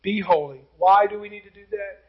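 Man, pastor, sermon, very high voice, emphatic delivery, muffled lo-fi audio. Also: fairly quick. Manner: emphatic preaching, rhetorical questions, drops to quiet intensity.

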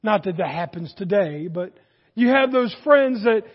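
A man preaching a sermon, animated, rising in force and then dropping low for emphasis. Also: normal speed, big-room sound, lo-fi sound. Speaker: pastor.

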